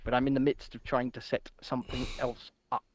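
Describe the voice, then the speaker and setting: A man co-hosting an irreverent news chat show, loud, jokey and swearing. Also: mid-range voice, level tone, brisk, crowd noise. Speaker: podcast co-host.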